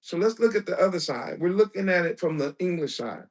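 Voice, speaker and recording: A male preacher giving a lecture-style sermon, emphatic, asking rhetorical questions and breaking into bursts of shouting. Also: high-pitched, animated, fairly quick. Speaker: preacher and teacher.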